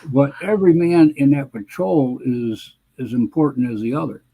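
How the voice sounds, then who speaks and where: Husky-voiced older man in his 70s. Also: mid-range voice, mellow, rough recording. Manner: halting, measured, frequent "uh" pauses. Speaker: guest, military veteran. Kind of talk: conversational interview reminiscing.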